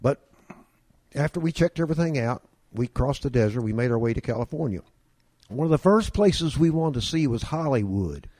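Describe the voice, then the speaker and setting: A man's voice: mid-range voice, expressive, normal speed, warm tone, no room sound. A man, telling folksy stories as a guest and doing the voices of the people in them. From Kentucky. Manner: drawling yarn-spinner doing voices of people in his stories. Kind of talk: folksy storytelling.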